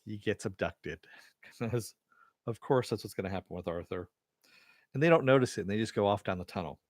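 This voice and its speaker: Man reviewing a TV episode: low voice, dry close sound, loose filler-heavy retelling. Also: fairly quick, dry recording. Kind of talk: casual episode recap.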